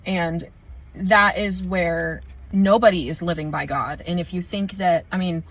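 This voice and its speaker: A woman giving a heated, profane spiritual monologue, swinging between slow, deliberate emphasis and rushed outbursts as she preaches mindfulness. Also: fairly low pitch, steady tone, lo-fi sound. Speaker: spiritual content creator.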